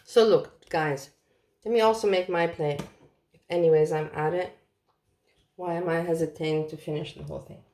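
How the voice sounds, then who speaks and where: A woman's voice: fairly low pitch, steady tone, normal speed, long pauses, mellow. A woman chatting casually to her viewers while she cooks in her home kitchen. She talks in a blunt, offhand and rambling way. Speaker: vlogger. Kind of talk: casual cooking vlog chat.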